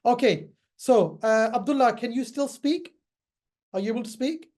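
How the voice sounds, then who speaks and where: A man's voice: very high voice, moderate pace, a little mellow. A middle-aged man teaching pharmacists in an online webinar, chatty and repetitive, speaking straight to his class. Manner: chatty, repeats himself, addresses the class directly.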